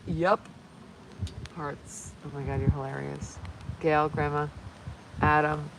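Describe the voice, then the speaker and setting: A chatty woman streams live from outdoors, rambling from one thing to the next and greeting viewers as their comments come in. Her voice sits some distance from the phone, with a faint hiss of noise underneath. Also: fairly low pitch. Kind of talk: casual live stream chat.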